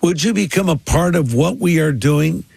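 A man's voice: a little high, moderate pace, creaky, a little mellow, breathy edge, no room sound. A man, a pastor, preaching and making a conversational appeal on a radio program.

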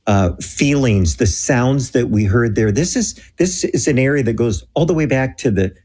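A man telling a story in an earnest, animated way on a Christian talk show, acting out the dialogue. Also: medium pitch, moderate pace, breathy edge. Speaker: guest telling a mission story.

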